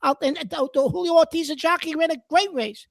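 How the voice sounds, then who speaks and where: A man co-hosting a casual sports talk show, rambling and self-deprecating, coughing and clearing his throat now and then. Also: extremely high pitch, fairly quick, no room sound, studio quality.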